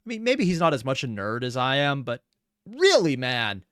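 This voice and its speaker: A woman's voice: extremely low pitch, very animated, moderate pace, fairly bright tone, smooth, no room sound, studio quality. A woman hosting a reaction video, making self-deprecating jokes in casual commentary. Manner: self-deprecating, joking asides. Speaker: reaction host.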